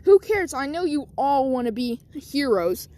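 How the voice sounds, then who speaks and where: A woman's voice: high-pitched, animated, normal speed, darkish tone. Woman doing a brash, offhand teacher. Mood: dismissive.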